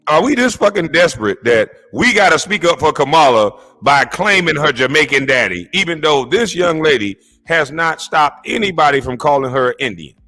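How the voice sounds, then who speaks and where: A man rants about clips he is reacting to, mocking and incredulous, his speech full of profanity. His voice is bright and forceful and swings widely in pitch. Faint music plays underneath. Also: very animated, moderate pace, hardly any pauses. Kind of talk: profane comedic rant.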